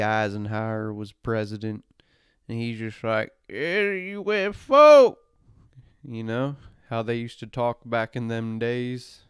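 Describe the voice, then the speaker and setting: A man's voice: fairly low pitch, darkish tone, clean tone, dry recording, studio quality. A young man hosting a podcast, rambling crudely and joking as he drifts between topics. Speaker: podcast host. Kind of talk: casual rambling commentary.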